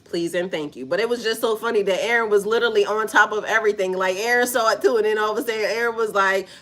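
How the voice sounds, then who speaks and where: Bright-voiced woman, laughing, blunt. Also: medium pitch, steady tone, very fast. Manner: laughs often, blunt and profane; slangy, repetitive, talks to chat. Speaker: spiritual reader. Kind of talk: casual livestream chat.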